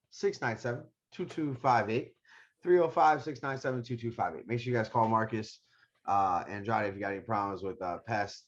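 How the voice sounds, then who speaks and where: A man's voice: fairly low pitch, muffled recording. A man hosting a casual wrestling podcast, reading sponsor spots loosely with fillers. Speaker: podcast host.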